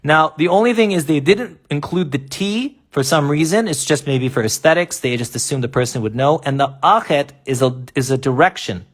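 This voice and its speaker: A man explaining step by step in a live online lesson, often asking rhetorical questions and pausing to draw. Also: on the high side, animated. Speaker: teacher. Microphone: laptop or phone mic in a live stream.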